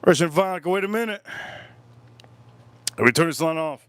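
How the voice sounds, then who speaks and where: A man's voice: fairly high pitch, lively intonation, moderate pace, fairly bright tone, clean tone. A man hosting a casual livestream while drinking, rambling, repeating himself, and cracking crude jokes. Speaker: livestream host.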